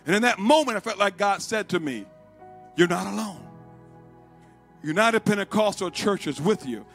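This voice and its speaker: A man with a high, bright, ringing voice delivers a Pentecostal sermon. He swings between shouted, drawn-out exhortations and quiet, halting storytelling, with soft music playing faintly behind him. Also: lively intonation. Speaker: preacher.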